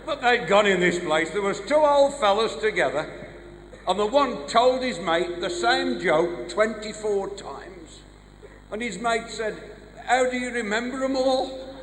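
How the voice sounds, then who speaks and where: A man with a Black Country accent works through a stand-up set of one-liners and quick gag stories. His voice sits high and bright and moves around a lot. The sound carries a long hall reverb with faint noise underneath. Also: lively intonation. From English West Midlands. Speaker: stand-up comedian. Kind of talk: live stand-up routine. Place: large live venue.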